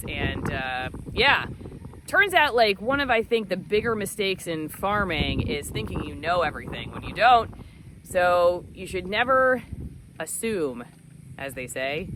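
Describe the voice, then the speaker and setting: A woman vlogging from her goat pasture on a handheld camera, chatty and self-mocking, cooing softly to her goats now and then. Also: fairly low pitch, background noise. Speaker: vlogger, hobby farmer. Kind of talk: casual self-filmed vlog.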